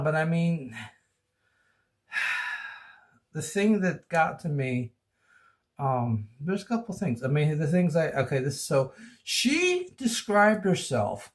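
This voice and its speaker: A man talks slowly into his phone camera in a loose, rambling vlog, goofing around and laughing often. His voice sits a bit high and swings widely in pitch. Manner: goofy, rambling, laughs a lot. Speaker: vlogger. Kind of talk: casual rambling monologue to camera.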